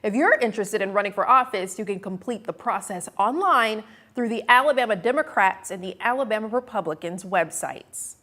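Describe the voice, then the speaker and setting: A woman reading local TV news stories in a clear, even newsreader delivery. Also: mid-range voice, brisk, hardly any pauses. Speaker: news anchor.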